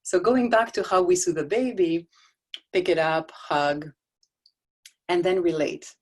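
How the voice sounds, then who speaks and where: A middle-aged woman with a notably low voice talks about parenting over a video call. She tells stories conversationally, laughing often and restarting her sentences. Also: unhurried, a little mellow. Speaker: guest speaker on child development. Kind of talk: casual talk on a video call. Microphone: video call microphone.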